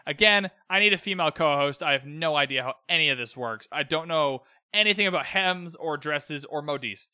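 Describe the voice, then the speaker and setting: A man's voice: a little high, sharp tone, clear, resonant tone, no echo, studio quality. A young man hosting a casual solo podcast, rambling and opinionated with exasperated asides. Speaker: podcast host recapping a TV episode.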